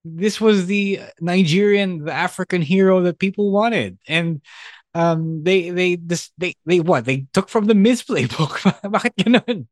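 A man's voice: sits high, a little slow, no room sound, studio quality. A man co-hosting a podcast in casual chat, switching between English and Tagalog and laughing often. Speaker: podcast co-host.

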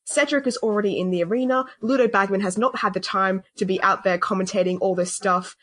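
A woman with a mid-range voice talking casually on a podcast. She walks through scenes step by step, dropping into quick impressions of the characters as she goes. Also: medium pitch, fairly bright tone. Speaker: podcast co-host. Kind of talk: casual chat.

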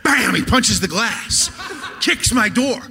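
A man's voice: on the high side, a little fast. A man telling a profane comedy story on stage, acting out the people in it. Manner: animated, profane, acts out voices. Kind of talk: live podcast storytelling. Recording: live room with long reverb and background noise.

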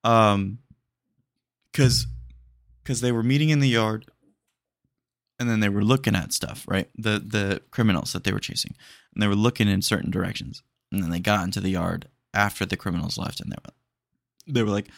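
Gravelly low-voiced guy rambling excitedly. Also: moderate pace, pauses often, dry recording, studio quality. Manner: excitable and rambling, peppered with "dude". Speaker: podcast host. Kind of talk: casual chat.

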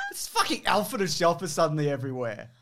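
A man's voice: a little high, a bit bright. A man co-hosting a podcast, jokey and sweary, bantering in casual chat. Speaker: podcast co-host.

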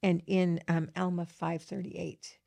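Gravelly-voiced woman discussing scripture. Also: on the low side, little pitch movement, takes it slowly, mellow, no echo. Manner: earnest and enthusiastic, with frequent fillers. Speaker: co-host of a scripture study podcast. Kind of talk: gospel discussion, reading scripture aloud.

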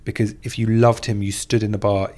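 A man's voice: fairly low pitch, level tone, a little fast, warm tone. A man hosting a podcast, reading listener messages aloud in chatty, playful casual talk. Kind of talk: casual chat.

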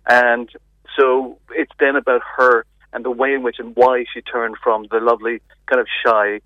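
A man giving a chatty, animated film review on the radio, with many restarts, over a phone line. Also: mid-range voice, moderate pace, dry recording.

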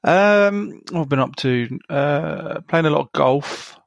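A man's voice: on the high side, slow, vocal fry, no room sound, muffled recording. Hesitant man chatting. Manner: hesitant, full of ums and uhs. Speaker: podcast co-host. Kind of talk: casual chat.

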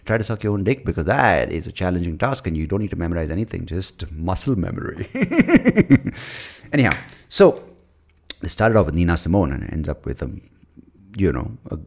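A man rants alone on his podcast. His voice sits very low. He rambles from point to point with crude jokes and plenty of swearing. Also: lively intonation, brisk, creaky. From India. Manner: profane, rambling, joking. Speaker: podcast host. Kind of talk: solo podcast rant.

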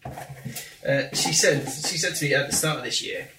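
A man's voice: a little high, moderate pace, noisy background. A man, co-hosting a podcast in casual banter and acting out quotes as he tells stories. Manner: animated storyteller, acts out quotes. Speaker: podcast co-host. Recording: echoey room, mic at a distance.

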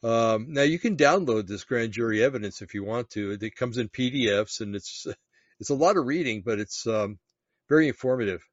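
A man casually talking through a web page on screen, pausing often with ums and restarts. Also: mid-range voice, lively intonation, dry recording. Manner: halting, many ums and restarts. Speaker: vlogger reading a web page aloud. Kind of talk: casual screen-share commentary. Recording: dull, lo-fi, dry sound.

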